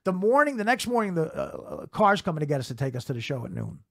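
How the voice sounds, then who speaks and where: A man's voice: a little high, very animated, quick pace, creaky. A middle-aged man telling a profane comedy anecdote in a casual podcast chat. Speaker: comedian guest. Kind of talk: casual storytelling.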